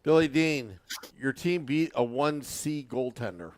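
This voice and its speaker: A man's voice: mid-range voice, expressive, a little slow, no room sound. A man co-hosting a sports podcast, trading playful, teasing banter. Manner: teasing, playful trash talk. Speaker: podcast co-host. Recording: music playing under the voice.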